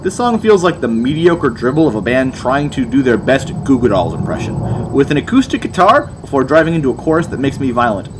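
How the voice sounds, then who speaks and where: A man's voice: medium pitch, very animated, a little fast, background noise. A young man giving a sarcastic, exasperated album review, mocking as he goes.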